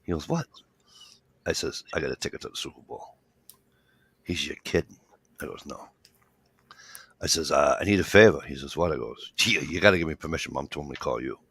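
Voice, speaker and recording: A man spins a long story in casual chat, playing out every line of the dialogue. His voice sits very low with a heavy gravelly fry, and the sound is close and dry. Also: brisk, long pauses, no room sound. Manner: animated storyteller acting out dialogue, swears freely. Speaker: show regular.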